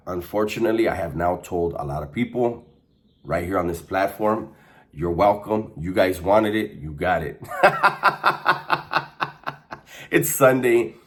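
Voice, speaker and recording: A man's voice: deep voice, very animated, slow, long pauses, fairly bright tone. A man telling a prison story in a casual, slangy monologue, laughing now and then. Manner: laid-back, slangy, laughs while telling. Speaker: storyteller recounting prison life.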